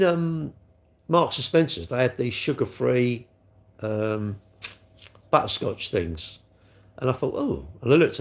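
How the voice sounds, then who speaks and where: A man's voice: fairly low pitch, vocal fry. A middle-aged man rambling cheekily on a live stream, answering chat comments as he goes. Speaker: livestream host.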